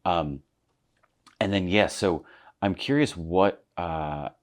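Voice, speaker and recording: A podcast host asking gentle questions and giving many soft backchannel responses. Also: sits low, takes it slowly. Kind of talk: casual interview chat.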